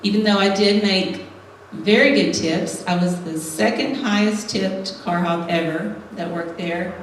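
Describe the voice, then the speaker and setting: At a women's church gathering, a middle-aged woman laughs her way through a humorous personal testimony. Her medium-pitched voice stays steady and a little slow. The hall echoes, the mic is far away, and the background is noisy.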